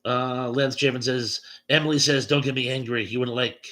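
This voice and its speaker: A man's voice: mid-range voice, steady tone, moderate pace, bright, forceful tone. Man casually reading livestream chat aloud. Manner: reads viewer comments aloud, chuckling asides.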